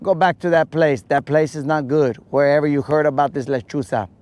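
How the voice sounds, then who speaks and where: A man's voice: a little high, fairly even intonation, fairly quick, darkish tone, close to an everyday voice. A man voicing a worried father who earnestly warns his son to stay away from a place. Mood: pleading warning. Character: worried protective father, stern warning.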